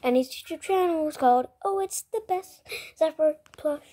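A woman's voice: sits high, normal speed, mellow. A woman improvising a playful plush toy video, switching between many toy character voices.

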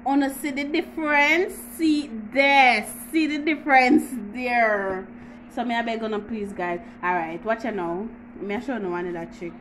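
A woman's voice: fairly high pitch, normal speed, fairly bright tone, a little hiss or hum, rough recording. A woman with a Jamaican accent hosting a casual home how-to vlog, chatty and teasing, with frequent laughs. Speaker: YouTuber.

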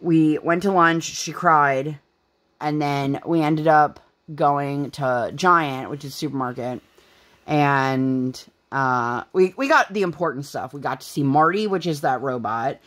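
A woman's voice: sits low, unhurried, a bit bright. Chatty young woman crafting at home. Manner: chatty and rambling, many "like" fillers. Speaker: craft channel host. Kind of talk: casual chat while crafting.

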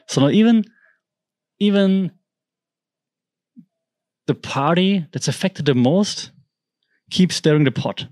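A man's voice: on the high side, lively intonation, measured pace, long pauses, a little mellow, no room sound. A man whose first language is German, hosting a podcast and talking through the news in a rambling, conversational way with frequent restarts. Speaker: podcast host. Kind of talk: casual commentary monologue.

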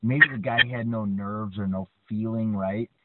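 A man's voice: on the low side, a little slow, no echo. Chatty man telling stories on a podcast. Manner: chatty, frequent "right?" tags, animated storyteller. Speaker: podcast co-host. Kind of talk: casual storytelling chat. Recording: dry, tinny phone-like line.

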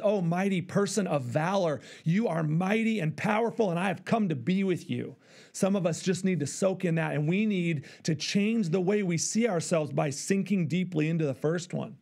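A middle-aged male pastor preaching, acting out voices in an animated way. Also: sits high, vocal fry. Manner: animated, acts out dialogue with God. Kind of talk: sermon.

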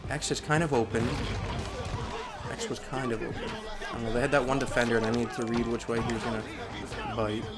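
Young man, gaming commentary, game music underneath, mutters then shouts at the screen. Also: mid-range voice, level tone, fairly quick, long pauses, a loud crowd. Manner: swings from mumbling to yelling at the game. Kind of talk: let's play commentary. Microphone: headset or desk microphone.

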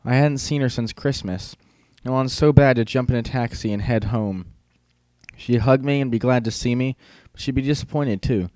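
Male audiobook narrator, mid-pitched, casual and wry, dry close-mic studio read. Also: normal speed, a little mellow, no echo. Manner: casual, wry teenage-boy storytelling. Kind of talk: first-person audiobook narration.

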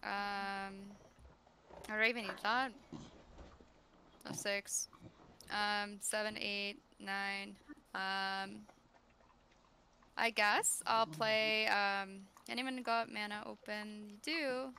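A woman playing a card game, thinking out loud and hesitating with many pauses. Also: medium pitch, level tone, slight background noise. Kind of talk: casual game-table chat.

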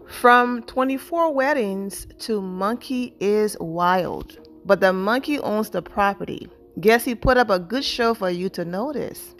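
A woman hosting a celebrity gossip channel, reading viewers' comments aloud and reacting with quick, animated asides. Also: mid-range voice, soft background music.

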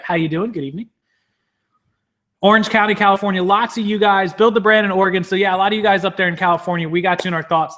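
Man, live-stream host, high-pitched, upbeat, chatty, greets viewers by name. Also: fairly bright tone.

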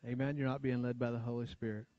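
An American man preaching a sermon, talking plainly to his congregation, asking for amens and dropping his voice low and quiet to stress key points. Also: flat delivery, quick pace. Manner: conversational preaching, frequent call-and-response asides. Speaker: pastor. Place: church sanctuary. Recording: dull lo-fi church recording.

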